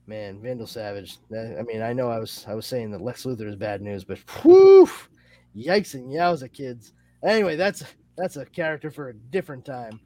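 A male podcast host chatting casually, summarizing a comic in a rambling, animated way with lots of fillers. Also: mid-range voice, a little fast, dry recording. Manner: rambling and animated, with many fillers and excited asides.

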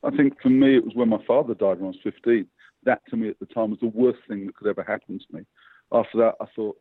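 A man, a publicist, telling lively motivational anecdotes as a guest over the phone. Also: on the low side, fast talker, breathy edge, no echo. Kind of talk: interview storytelling. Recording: tinny phone line.

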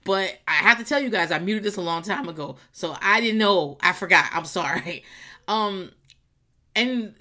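A woman hosting a casual solo podcast, rambling and swearing, laughing often and jumping into squealing high voices when she quotes people. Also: expressive, moderate pace, sharp tone. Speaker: podcast host. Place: garage.

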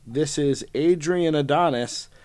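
A man's voice: fairly high pitch, unhurried, a little mellow, smooth, no echo. A man hosting his own podcast, chatting casually and rambling with lots of fillers and restarts. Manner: rambling, self-deprecating, many fillers. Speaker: podcast host. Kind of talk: casual solo podcast chat.

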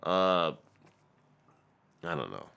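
A young man hosting a podcast, ranting and swearing in a loud comedic tirade, stuttering and repeating words as he goes. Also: deep voice, very animated, extremely slow, vocal fry, clean tone, highs cut off. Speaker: podcast host. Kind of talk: profane comedic rant.

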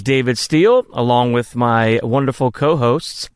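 A man's voice: mid-range voice, normal speed, few pauses, clean tone, no room sound, studio quality. A man hosting a live-streamed podcast, chatting casually and asking rambling, self-mocking questions. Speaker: podcast host.

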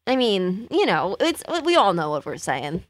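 A woman co-hosting a comedy podcast, her voice at a mid pitch. She hesitates with ums and restarts, and keeps steering her joking co-hosts back to the question. The tone is casual chat between friends. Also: very animated, normal speed, no echo. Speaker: podcast co-host.

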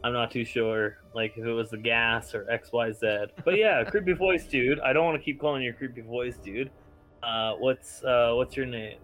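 A young man at a gaming table chats in a loose, laid-back drawl peppered with "man" and "yo", laughing between lines. His pitch sits mid-range, with faint music behind. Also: fairly even intonation, moderate pace, fairly bright tone, rough recording. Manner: loose stoner-dude talk, "man" and "yo", laughing. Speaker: player. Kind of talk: casual in-character chat.

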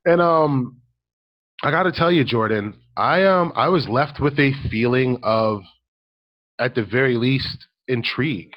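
A man's voice: mid-range voice, a little slow, highs cut off. A man chatting casually on a podcast, telling a story with lots of ums and likes. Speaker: podcast co-host. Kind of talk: casual chat.

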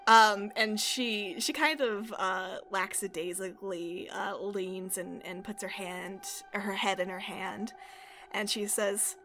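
A woman's voice: mid-range voice, fairly even intonation, slow pace, sharp tone, slight background noise. A woman narrating a tabletop game as game master, with hesitant, giggly narration.

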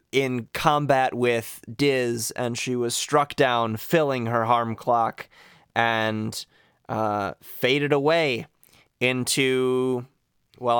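A man playing in a tabletop role-playing podcast, recapping events deliberately with occasional chuckles. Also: medium pitch, a bit bright, clear, resonant tone, no room sound, clean studio sound. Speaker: player.

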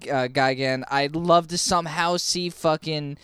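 Smooth-voiced rambling man in casual chat. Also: a little high, fairly even intonation, normal speed, a bit bright, no room sound. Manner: rambling, hesitant, profane. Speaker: podcast co-host.

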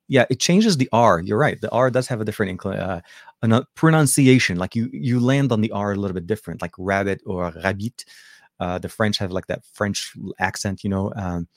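A man's voice: lowish voice, moderate pace, a little mellow, no room sound, clean studio sound. A man from Lebanon hosting a tech show, chatting casually and answering viewer questions with many fillers and restarts. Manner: rambling, lots of fillers and restarts.

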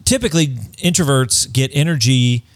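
Man, casual advice chat, co-host, acts out quotes, middle pitch, dry close sound. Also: lively intonation, normal speed, no echo. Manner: conversational, acts out quoted remarks. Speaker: podcast co-host.

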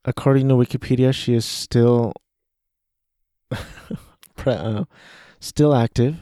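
A man's voice: mid-range voice, fairly even intonation, slow pace, dark tone, no echo, studio quality. A man hosting a casual solo podcast, talking through a movie he watched, rambling and hesitant with many restarts. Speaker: podcast host.

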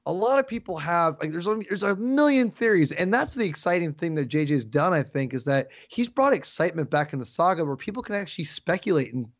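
A man talking as a podcast guest, excitable and rambling, often restarting his sentences. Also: fairly high pitch, brisk, few pauses, dry recording, highs cut off. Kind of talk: casual chat.

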